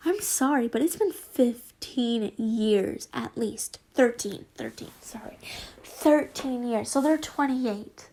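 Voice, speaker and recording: A woman's voice: on the high side, animated, slow pace, mellow. A young woman reading fanfiction aloud in a casual, rambling way, often breaking off to laugh and apologize. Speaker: fanfiction reader. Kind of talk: casual reading with chatty asides.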